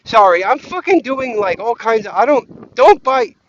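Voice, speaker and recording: A man's voice: very high-pitched, big pitch swings, normal speed, fairly bright tone, highs cut off, a little hiss or hum. A man rambling and swearing as he walks outdoors, easily sidetracked and scattered. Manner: profane, scattered, easily distracted. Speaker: vlogger. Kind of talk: rambling walk-and-talk rant. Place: outdoors on a windy walk.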